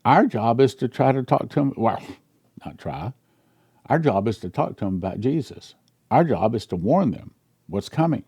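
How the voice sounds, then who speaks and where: A pastor in his sixties reads a dream account aloud during a sermon, speaking earnestly and becoming quiet and emotional as he shares a personal story. His husky, mid-range voice is very animated at normal speed, in a dry recording.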